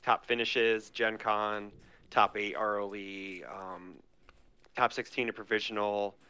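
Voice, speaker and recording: A man co-hosting a podcast, rambling excitedly with lots of fillers in casual chat. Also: lowish voice, unhurried, clean tone. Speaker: podcast co-host. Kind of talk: casual chat about a card game.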